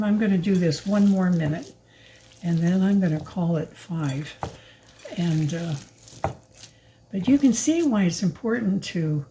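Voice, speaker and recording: A woman's voice: mid-range voice, mellow, slight background noise, low-quality recording. An older woman chatting her way through a home cooking demonstration in her kitchen, talking while she kneads the mix by hand, rambling with fillers and asides. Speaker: home cook filming a recipe video.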